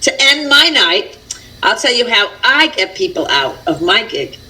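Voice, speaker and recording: A woman musician talks as a guest on a radio show, laughing her way through stories and humming bits of tunes. Her voice is high and bright. A faint hum of the room sits behind her. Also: sing-song, measured pace, low-quality recording. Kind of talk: casual chat.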